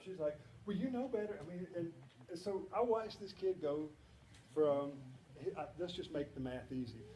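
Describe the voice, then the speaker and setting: A man's voice: a little high, slight background noise. A man giving a humorous, storytelling talk at a banquet. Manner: humorous storytelling, animated quoted voices. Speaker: speaker at a banquet. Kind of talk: conversational presentation. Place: banquet hall. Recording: echoey hall with faint ambience.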